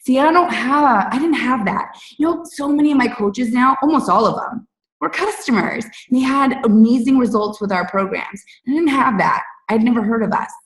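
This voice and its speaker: A woman's voice: on the high side, moderate pace. A woman in her late thirties telling her personal story to her team in a candid, chatty way, with plenty of "like" and "you guys". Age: 30s. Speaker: fitness coach speaking on a team call. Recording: roomy, distant from the mic.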